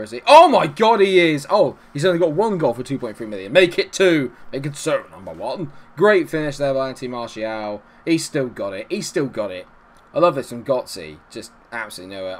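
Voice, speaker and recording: A man hosting a gaming channel, giving excitable, ranting commentary on his own game. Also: fairly low pitch, slight background noise.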